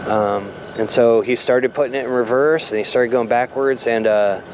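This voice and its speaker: A man casually telling a story from his own life, halting and rambling, with many fillers. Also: medium pitch, fairly even intonation, background noise. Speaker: vlogger telling a personal story.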